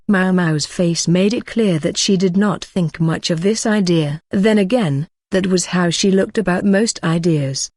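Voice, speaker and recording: A woman narrating a light novel audiobook with steady, even reading. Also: on the low side, measured pace, few pauses, dry recording, studio quality. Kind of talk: scripted narration.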